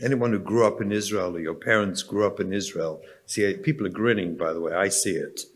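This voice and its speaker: An English rabbi with a low-sitting voice speaks a little fast as he delivers a storytelling keynote address. He speaks directly to the audience.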